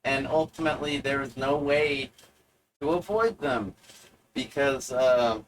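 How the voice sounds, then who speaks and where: A man delivering a provocative monologue to the viewer, sardonic and deliberate, halting often to find his words. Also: mid-range voice, slight background noise, poor audio. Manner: mock-lecturing, talks straight to the viewer. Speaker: video essayist.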